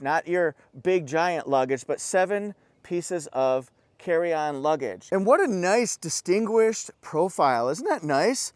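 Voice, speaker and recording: A man's voice: on the high side, animated, unhurried, few pauses, no room sound. A man giving an enthusiastic, chatty car walkaround review outdoors, breaking into little exclamations.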